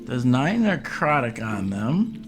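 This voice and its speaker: Guy narrating a tabletop game, lots of ums, lively voice, music in the background. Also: medium pitch. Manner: unhurried, many ums. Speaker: game master.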